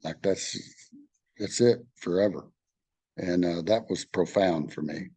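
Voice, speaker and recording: A middle-aged Texan man leading a study group, reading aloud and sharing his own experience in a candid, halting way, with many fillers and restarts. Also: low-pitched, warm tone, breathy edge, no echo. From Texas.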